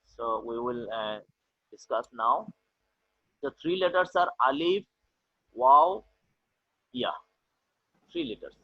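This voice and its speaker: A man teaching an online class, explaining slowly and repeating "okay" often, with a Bangladeshi English accent. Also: mid-range voice, animated, pushed and bright, breathy edge, no room sound. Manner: slow, repetitive explaining with many "okay"s. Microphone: video call. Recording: tinny online call audio.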